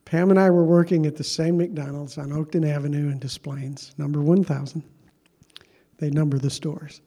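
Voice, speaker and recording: Male pastor giving a sermon, warm mellow voice, chatty self-deprecating storytelling. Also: on the high side, flat delivery, normal speed, husky.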